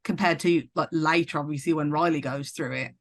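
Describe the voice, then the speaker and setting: A woman's voice: sits low, fairly even intonation, fairly quick, dry recording. A woman guest on a podcast, thoughtfully offering her take on a horror film. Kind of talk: casual film discussion.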